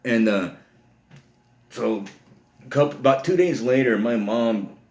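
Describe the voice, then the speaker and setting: A man's voice: medium pitch, slow, darkish tone. Rambling man, roomy sound. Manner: rambling, leans heavily on "you know". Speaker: storyteller. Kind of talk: casual spoken anecdote. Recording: roomy echo.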